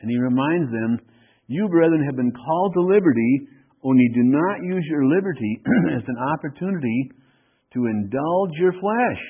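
A man preaching an expository Bible lesson, reading verses aloud and explaining them, his voice getting louder on the quoted lines. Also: medium pitch, slightly rough. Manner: reads scripture aloud with running commentary, swelling louder on quoted verses. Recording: tinny radio broadcast sound.

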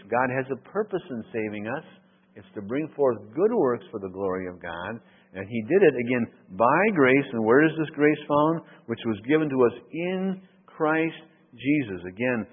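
A man delivers an earnest sermon, stressing points by repeating them and answering his own questions. His voice is a little husky. It comes through a thin, phone-like radio line with a long hall echo behind it. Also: mid-range voice, sing-song, moderate pace. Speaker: preacher. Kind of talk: expository sermon.

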